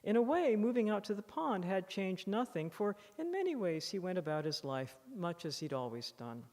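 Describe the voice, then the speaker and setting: A woman author giving a public lecture, reading from her book with expressive, animated emphasis at a podium microphone. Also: mid-range voice, moderate pace. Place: lecture hall in a library museum. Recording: long reverb of a lecture hall.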